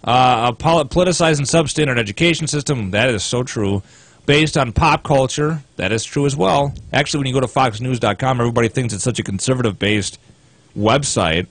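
A man's voice: mid-range voice, a little fast, no echo. Sarcastic man reading articles aloud. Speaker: co-host.

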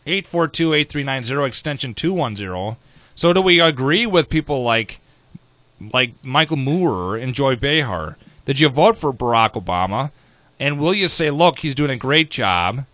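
A man hosting a talk radio show, brash and sarcastic in quick banter with his co-host. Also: medium pitch, animated, fairly bright tone, no echo. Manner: brash, sarcastic, rapid-fire. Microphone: studio microphone.

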